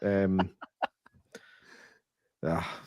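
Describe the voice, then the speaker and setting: A man's voice: sits low, level tone, drawn-out words, a little mellow, no echo. Teasing man on a dry mic. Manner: friendly, teasing, with stammering restarts. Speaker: podcast co-host. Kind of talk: casual chat.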